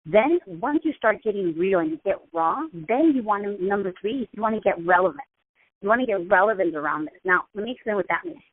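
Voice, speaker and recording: A woman's voice: medium pitch, expressive, fairly quick. A woman host giving a casual, chatty motivational talk, often repeating herself. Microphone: phone call. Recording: tinny phone-line sound.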